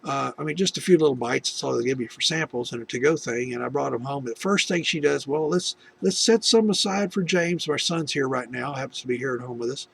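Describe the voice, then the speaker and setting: A man's voice: mid-range voice, quick pace, vocal fry, few pauses, fairly bright tone, a little hiss or hum. A middle-aged man from the United States telling a personal faith testimony, rambling with many restarts and asides. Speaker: video testimony host.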